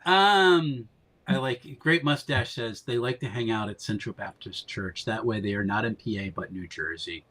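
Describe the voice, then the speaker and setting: A man's voice: on the low side, normal speed, a bit bright. A man from Pennsylvania running a tabletop game as game master, talking casually with lots of fillers and self-corrections.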